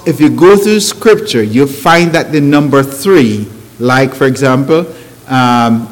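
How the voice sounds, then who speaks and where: A man delivers a sermon at an unhurried pace with a lively, swooping pitch that sits somewhat high for a man. He pushes his points with rhetorical questions and grammar. His voice rings with the long echo of a large hall. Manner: non-native grammar, emphatic rising phrases and rhetorical questions. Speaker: preacher.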